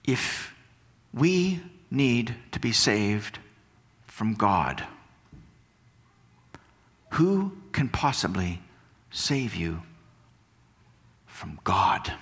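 A man preaching a sermon in a church, with a slow, deliberate delivery. His pitch swings widely, climbing on pointed questions and sinking low and quiet at the ends of phrases. The voice carries a long hall reverb. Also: sing-song. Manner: slow, emphatic preaching with rising questions and hushed drops. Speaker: pastor. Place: church sanctuary.

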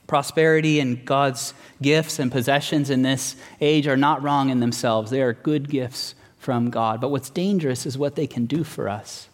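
A man preaching a sermon in an earnest, measured way, slowing down to stress key words. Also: medium pitch. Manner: earnest, measured, slows for emphasis. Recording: long hall reverb.

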